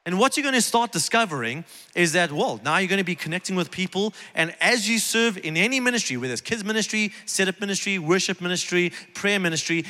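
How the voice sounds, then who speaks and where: A man delivers a sermon in a fairly high, bright and forceful voice, earnest and conversational, repeating key phrases for emphasis. His words ring out with the long reverb of a large church hall. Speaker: preacher. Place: church sanctuary, on stage.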